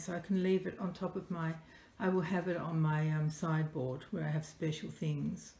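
A woman unboxing a parcel on camera as a doll collector vlogger, gushing and softly delighted, often dropping to breathy whispers. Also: on the low side, steady tone, normal speed. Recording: echoey room with faint noise.

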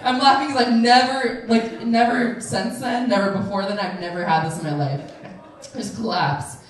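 A woman in her twenties telling a true personal story on stage, animated and laughing, acting out the voices of the people in it. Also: medium pitch, moderate pace. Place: event room, audience. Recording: very echoey room, voice from a distance.

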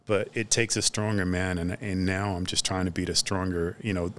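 A man telling stories in a casual podcast chat, animated, acting out the people in his stories. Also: low voice, moderate pace, slight background noise. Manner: animated storyteller who acts out the other people in his stories loudly. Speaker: podcast guest.

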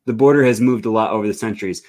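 A man's voice: lowish voice, very fast, darkish tone. A male host of a live stream, rambling with many fillers as he reads viewer comments aloud on a video call.

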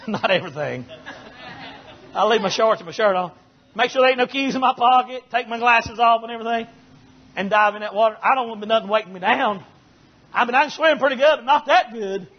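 A man preaching as a Baptist pastor, folksy and joking, who builds to shouted preaching. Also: high-pitched, a little hiss or hum. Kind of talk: sermon. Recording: dull lo-fi recording.

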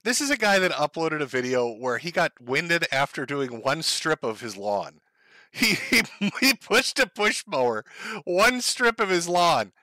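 A man's voice: a little high, big pitch swings, a little slow, pushed and bright, dry recording. A man hosting a stream, giving mocking commentary over clips and laughing often. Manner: laughs often, sneering and gleeful. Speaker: streamer host.

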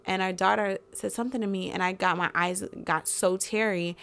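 Woman co-host, casual chat, candid and emotionally open, gravelly edge. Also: medium pitch, fairly even intonation, brisk, fairly bright tone. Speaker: podcast co-host.

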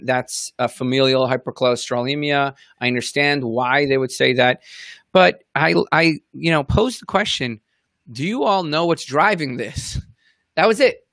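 A man's voice: medium pitch, a bit bright, no room sound. A man hosting a live chat, telling a story with many hesitations and fillers. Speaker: host. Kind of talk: casual chat.

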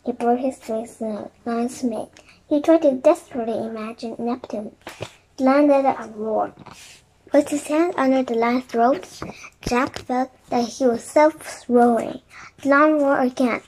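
High-voiced woman narrating a kids' chapter book aloud, gentle and quiet. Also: measured pace, slight background noise, rough recording. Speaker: storybook reader.

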